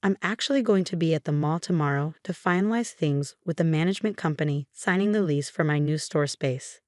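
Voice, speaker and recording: A woman narrating voicing a condescending, dismissive adult sister in a fake-sweet manner, in a low voice. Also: a little fast, darkish tone, dry recording, clean studio sound, natural voice. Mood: mocking.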